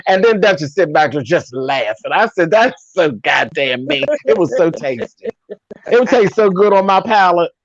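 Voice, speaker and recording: A woman's voice: fairly low pitch, lively intonation, moderate pace, dry recording. A woman hosting a casual, sassy gossip chat, cursing freely and laughing often. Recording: dull lo-fi sound.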